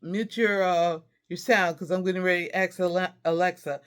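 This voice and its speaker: A woman's voice: on the low side, steady tone, moderate pace, clear, resonant tone. A woman hosting a casual haul vlog, chatty and friendly, calling viewers y'all and laughing as she shows her finds. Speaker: host.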